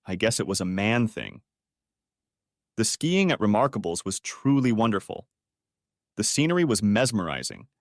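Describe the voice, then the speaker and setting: Steady older male storyteller, dry sound. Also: lowish voice, no echo. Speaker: narrator. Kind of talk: first-person audiobook narration.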